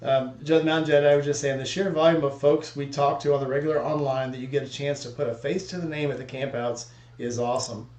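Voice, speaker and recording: A man in casual chat, telling stories in an animated way and acting out the voices he quotes. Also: medium pitch, fast talker. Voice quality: bald. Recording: echoey room.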